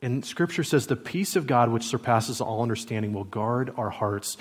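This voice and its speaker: A man in his thirties, a pastor preaching a sermon in a relaxed, conversational way, with stories from everyday family life. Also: medium pitch, normal speed, breathy edge. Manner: conversational preaching with parenting anecdotes.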